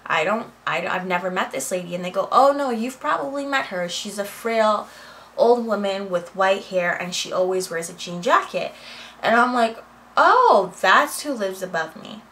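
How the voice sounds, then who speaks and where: A woman's voice: mid-range voice, lively intonation, normal speed, a bit bright, poor audio. A young adult woman in a casual storytime vlog, chatting animatedly from her home office and acting out quoted dialogue. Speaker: vlogger.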